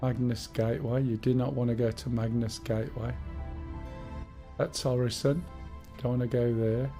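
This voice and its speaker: A man's voice: mid-range voice, level tone, normal speed, warm tone, soft background music. A man with a Black Country accent chatting casually and rambling to himself while he streams a game. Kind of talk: casual live-stream gaming chat.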